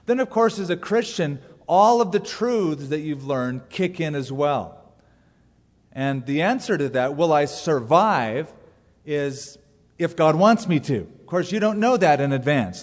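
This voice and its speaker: A man's voice: medium pitch, long reverb tail. A man preaching a sermon as pastor, telling stories in an easy conversational way with dry humor.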